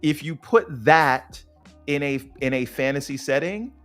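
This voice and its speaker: A man's voice: on the high side, lively intonation, measured pace, a bit bright, clean tone, faint music behind. A man hosting a casual gaming podcast who thinks aloud, restarts his sentences and poses questions to his co-host. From United States.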